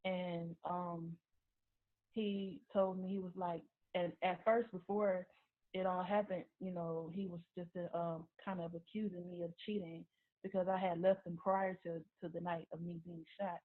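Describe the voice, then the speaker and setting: A woman tells her own story as a personal testimony. She talks haltingly, restarting and repeating words as she goes. Her voice comes through a thin, phone-like recording. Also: lowish voice, flat delivery.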